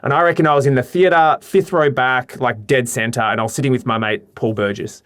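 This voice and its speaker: Animated Australian man telling stories. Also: mid-range voice, a little fast, clean tone, dry recording, studio quality. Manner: animated storyteller, lively anecdotes. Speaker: podcast guest. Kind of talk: casual chat.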